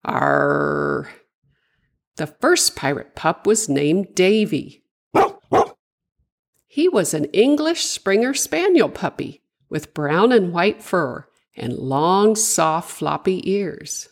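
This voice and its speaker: A woman reading a children's story aloud, with expressive, sing-song narration. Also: on the low side, takes it slowly.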